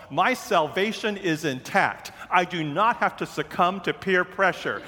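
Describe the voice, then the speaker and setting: A man preaching, telling a self-mocking story with animated, acted-out quotes. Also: fairly high pitch, normal speed, few pauses, in a large hall. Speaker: pastor. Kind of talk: sermon storytelling.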